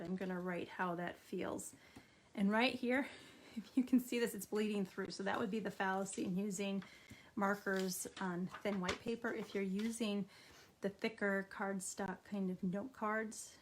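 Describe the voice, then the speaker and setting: A middle-aged woman teaching an art therapy activity, her voice gentle and encouraging. She speaks to the viewer directly as she draws, at an ordinary middle pitch. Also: a little hiss or hum. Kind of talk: instructional art therapy video.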